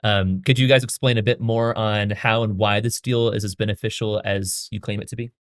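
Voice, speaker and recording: A man's voice: on the low side, steady tone, fairly quick, dry recording. A man moderating a live Q&A, reading out fan questions hesitantly with many ums.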